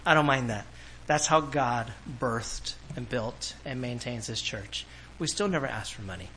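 A man from California, a pastor, preaching a sermon and telling personal stories in an animated way, often laughing. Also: medium pitch, moderate pace, a little hiss or hum, poor audio. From Orange County, California.

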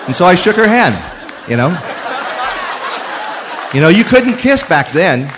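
An older man preaching a sermon in church, telling his own story in an animated way and acting out voices in the quotes. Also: a little high, normal speed. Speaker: pastor. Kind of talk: sermon with personal testimony.

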